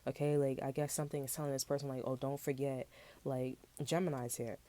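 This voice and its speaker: Speaking fast with fairly even intonation, a tarot reader with a low, mellow voice does a casual reading. She talks straight to her audience, rambling in loose slang and cursing freely.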